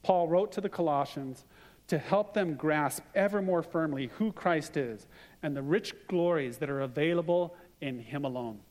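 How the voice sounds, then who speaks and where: A man's voice: a little high, moderate pace, a little mellow. Middle-aged male pastor, echoing hall. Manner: conversational preaching with personal stories. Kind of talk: sermon. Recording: long reverb of a hall.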